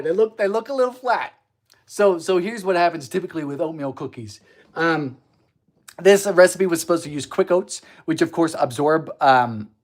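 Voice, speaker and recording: A man hosting a baking livestream in a home kitchen, chatting casually in a goofy, giggly way while reading out viewer comments. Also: sits high.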